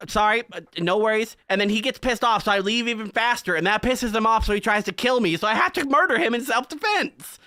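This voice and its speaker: A man's voice: very high-pitched, quick pace, hardly any pauses, pushed and bright, dry recording. A man co-hosting a podcast in casual chat, animatedly retelling game scenes and acting out the characters' lines. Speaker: podcast co-host.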